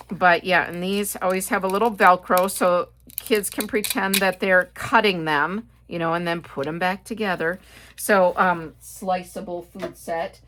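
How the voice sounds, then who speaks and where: This haul video host, a middle-aged Midwestern American woman, chats loosely through her purchases with lots of fillers and tangents. Her mid-range voice is bright and forceful, with a little hiss or hum on the recording.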